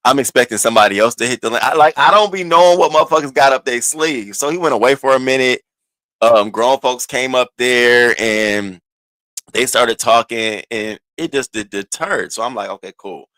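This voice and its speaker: Animated man telling a story casually. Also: mid-range voice, moderate pace, dry recording. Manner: animated, restarts and stammers, swings into quoted voices. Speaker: streamer recounting online drama.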